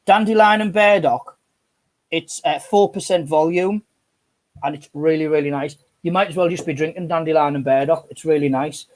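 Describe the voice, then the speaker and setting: A man's voice: a little high, moderate pace. A man, chatting and telling sweary stories as co-host of a live stream on an earphone mic. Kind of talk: casual chat.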